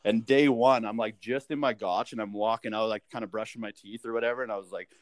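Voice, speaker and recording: A man's voice: lowish voice, steady tone, quick pace, dry recording. A man talking as a podcast guest, telling easygoing anecdotes full of fillers like "uh" and "like". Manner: laid-back, filler-heavy anecdote telling. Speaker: guest, professional golfer. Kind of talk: casual chat.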